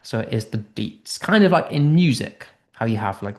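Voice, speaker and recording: An English tutor with a British accent runs an online class, upbeat and thinking aloud as he reads out the quiz answers. His medium-pitched voice is expressive and moves at a normal speed.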